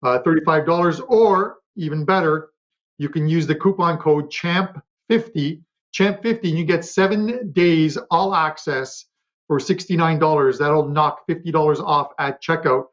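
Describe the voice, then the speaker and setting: A man on a betting panel, chatting quickly about his picks with lots of fillers and restarts. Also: a little high, fairly bright tone, lo-fi sound. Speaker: sports betting handicapper. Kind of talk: casual panel talk.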